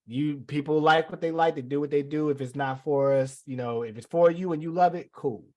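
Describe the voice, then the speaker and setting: A man on a casual podcast with a slightly high voice. He rambles through his point, stumbling over restarts and chuckling along the way. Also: a little fast, a little mellow. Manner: rambling, self-correcting, chuckling. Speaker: podcast co-host.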